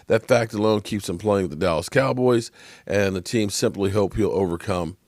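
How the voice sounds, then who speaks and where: A man's voice: on the low side, moderate pace, darkish tone, no echo, clean studio sound. A tired man giving a casual, rambling sports commentary monologue, yawning now and then. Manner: rambling, conversational, frequent restarts. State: tired, yawning from lack of sleep.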